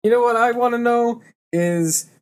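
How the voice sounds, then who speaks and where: A man's voice: very high-pitched, moderate pace, smooth. A young man co-hosting a casual podcast, teasing his friend and laughing as they mock a movie. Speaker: podcast co-host.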